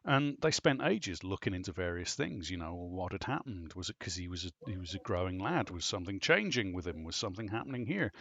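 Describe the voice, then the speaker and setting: Low gravelly guy rambling thru a story on a podcast, swears a lot, dull lo-fi mic. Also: big pitch swings, brisk, few pauses, a bit bright, no echo. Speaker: podcast host. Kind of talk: casual storytelling chat. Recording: dull lo-fi voice recording.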